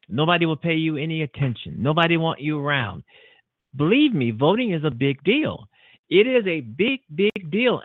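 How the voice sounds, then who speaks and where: A man's voice: a little high, no echo. Male host, out of breath, repeats himself emphatically, thin phone sound. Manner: repetitive, emphatic, rambling. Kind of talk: casual internet radio talk. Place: home studio. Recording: tinny phone-like line, dry.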